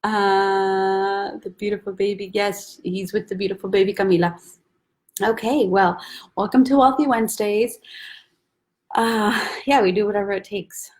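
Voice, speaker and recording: A woman's voice: medium pitch, steady tone, unhurried, a little mellow. Young woman going live from home, chatty, greets viewers by name, casual and friendly, webcam sound. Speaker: host of a weekly live stream. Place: at home, husband and baby in the back.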